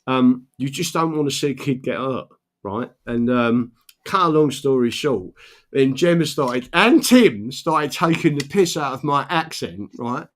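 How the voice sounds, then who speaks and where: A man's voice: medium pitch, expressive, measured pace. An older man, chatting casually and telling stories in a rambling way, swearing often and checking in with "right?". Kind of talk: casual storytelling chat.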